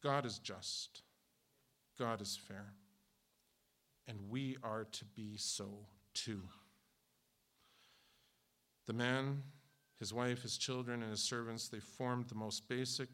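A man's voice: fairly low pitch, fairly even intonation, takes it slowly, long pauses, pushed and bright. A man in his fifties preaching a sermon as a church pastor, flippant and a little sarcastic, talking off the cuff. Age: 50s.

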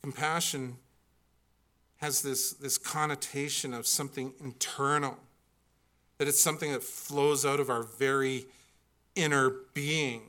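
A man's voice: medium pitch, fairly even intonation, measured pace, pauses often, pushed and bright. A middle-aged man preaching a sermon, earnest and building to emphatic peaks when he reads scripture. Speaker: pastor.

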